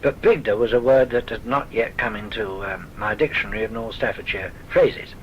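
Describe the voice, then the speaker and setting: A man's voice: lowish voice, moderate pace, lo-fi sound, a little hiss or hum. An older man with a southern English accent, genteel and wry, telling his memories for a recorded oral history. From south of England. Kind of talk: recorded reminiscence.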